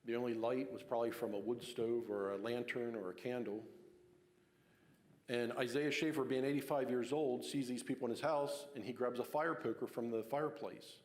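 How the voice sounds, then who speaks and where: A man's voice: mid-range voice, steady tone, normal speed. Man telling local history in a reverberant hall. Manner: conversational storytelling with fillers. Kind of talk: casual public talk.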